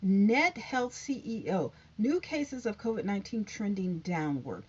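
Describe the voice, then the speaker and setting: Chatty woman reading headlines, lively pitch. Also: a little slow, slightly rough. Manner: reads headlines aloud with chatty asides. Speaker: YouTube covid news host. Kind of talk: casual news read-through to viewers. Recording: dull lo-fi sound.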